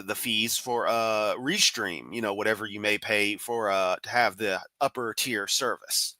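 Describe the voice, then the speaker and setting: A man's voice: mid-range voice, moderate pace, hardly any pauses, sharp tone, no room sound. A man giving sarcastic, profane, rambling commentary on a live stream.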